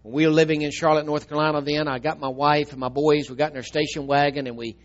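Middle-aged preacher, storytelling sermon, gets loud then real quiet, kinda dull audio. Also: male voice, a little high, level tone, quick pace. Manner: swings from loud emphatic telling to soft tearful hush.

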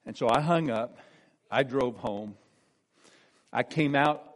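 A man in his sixties giving an earnest personal testimony as a preacher. He tells the story warmly and drops soft and low whenever he quotes someone. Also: takes it slowly.

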